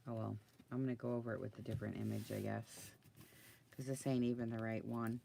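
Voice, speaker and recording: A woman crafter talks casually through her project for a crafting video, muttering to herself and getting flustered. Her extremely low, level voice is brisk and mellow with vocal fry, and there's slight background noise.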